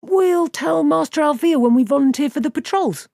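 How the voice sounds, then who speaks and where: A woman's voice: sits high, normal speed, creaky, dry recording, clean studio sound, voice pushed up. A woman voicing an eager, boastful young village man. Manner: excited, pushy.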